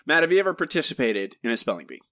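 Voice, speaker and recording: A man co-hosts a podcast in easy, chatty talk and laughs often. His voice is mid-pitched and recorded dry and close, with no room sound. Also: sing-song, very fast, pushed and bright, no room sound. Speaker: podcast co-host. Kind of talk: casual chat.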